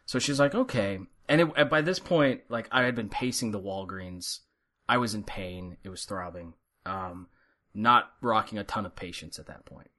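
A man's voice: on the low side, moderate pace, bright, forceful tone. A middle-aged man on a podcast, telling a story in a dry, sarcastic way and acting out both sides of a conversation. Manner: wry, sarcastic storyteller acting out quoted dialogue. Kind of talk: casual storytelling chat. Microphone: headphones and studio mic.

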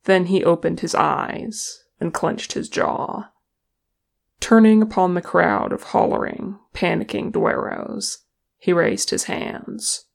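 A calm, measured narrator reads a fan fiction story aloud as an audiobook. The delivery is unhurried, and a heavy, gravelly vocal fry runs under the voice. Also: medium pitch. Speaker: audiobook reader.

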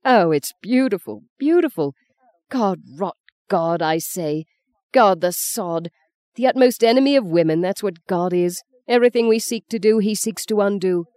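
A woman's voice: lowish voice, normal speed, dark tone, no room sound, close to an everyday voice. Woman voicing a tart, fierce middle-aged mother. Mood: bitter. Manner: tart, vehement. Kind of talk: audiobook character reading.

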